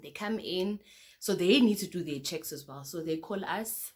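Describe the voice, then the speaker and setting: Chatty South African woman, lowish voice. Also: moderate pace. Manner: chatty, addresses viewers as guys, repeats "okay, cool" between beats. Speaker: vlogger. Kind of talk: casual storytelling to camera.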